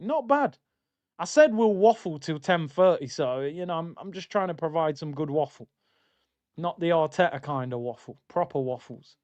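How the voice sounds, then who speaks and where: A man's voice: a little high, very animated, moderate pace, highs cut off. A man hosting a football watchalong stream, chatting loosely and reading out viewer comments. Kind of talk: casual live-stream chat.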